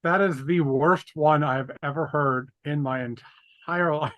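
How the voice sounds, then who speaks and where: A man's voice: a little high, a little slow, dull audio. A man co-hosting a podcast, chatting casually about a film with rambling asides and crude jokes. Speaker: podcast co-host. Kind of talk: casual movie chat.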